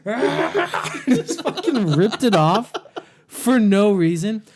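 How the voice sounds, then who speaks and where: A man telling a story in casual chat. He is animated, laughs often and says "like" all the time. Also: high-pitched, slow pace. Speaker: podcast guest storyteller.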